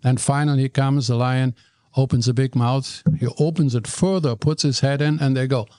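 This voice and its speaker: An older man, a guest telling stories in an animated way, often stumbling and repeating words. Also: medium pitch, normal speed, no echo. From Germany. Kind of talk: storytelling in conversation.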